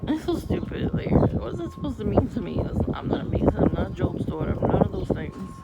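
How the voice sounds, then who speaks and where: Gravelly woman ranting bluntly. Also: medium pitch, sing-song, a little fast. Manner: blunt, profane, irritated. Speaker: vlogger. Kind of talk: casual storytelling rant. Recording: muffled lo-fi with loud background noise.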